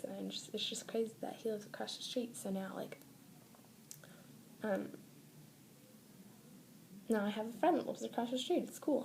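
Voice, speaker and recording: A woman's voice: medium pitch, gravelly, warm tone, a little hiss or hum. A teenage girl vlogging, telling a long personal story in a casual, rambling way with many fillers, often dropping to a whisper. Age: teens. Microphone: phone or webcam.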